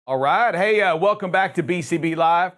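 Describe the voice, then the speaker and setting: A man with a notably high speaking voice hosts a trucking safety show. He talks emphatically and addresses drivers directly, often stumbling over and repeating words. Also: moderate pace, a bit bright. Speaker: show host.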